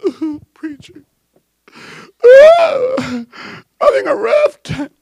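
A preacher voicing a tearful young woman who wails in a high falsetto because she wants a husband. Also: big pitch swings, extremely slow, gravelly, a little mellow, dry recording, exaggerated voice. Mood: sobbing. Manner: wailing, sobbing, high falsetto.

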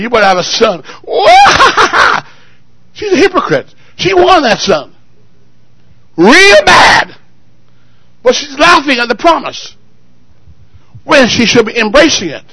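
A man preaching a sermon as pastor, shouting lines out to the church and calling for responses, then dropping to low, quiet asides. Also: wildly swooping pitch, takes it slowly, long pauses, low-quality recording.

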